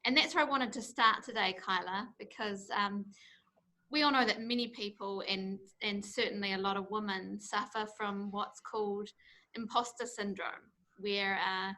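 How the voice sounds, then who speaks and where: A woman's voice: medium pitch, sharp tone. A New woman hosting an interview, introducing her guest and asking questions in a friendly, slightly hesitant way. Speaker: interviewer, partnerships manager.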